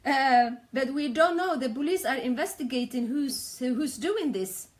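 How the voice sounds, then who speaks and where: A woman's voice: high voice, animated, measured pace. A woman talking in a casual live stream from her attic on a tablet mic, agitated and repeating herself. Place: home attic.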